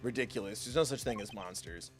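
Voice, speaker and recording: A man voicing a composed adult male prosecutor in a measured, dry delivery. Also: on the low side, faint music behind, pitched below the performer's own voice, close to an everyday voice.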